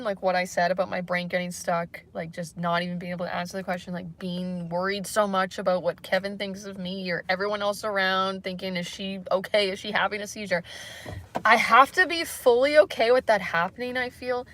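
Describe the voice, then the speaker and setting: Young woman, anxious livestream host; halting, self-searching ramble, full of fillers. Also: mid-range voice, a bit bright. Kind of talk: candid solo livestream chat.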